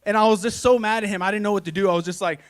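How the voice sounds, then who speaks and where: In his thirties, this comedian and podcast host performs live stand-up before an audience, speaking rapid-fire in a high-pitched, steady tone. He tells family stories in a folksy, self-mocking style, sprinkling in plenty of "y'all" and "man."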